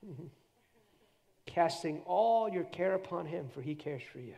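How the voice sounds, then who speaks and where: Gravelly high-voiced male preacher. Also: unhurried, highs cut off. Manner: animated preaching, acts out prayers in a hushed voice. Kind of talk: sermon. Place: church conference session.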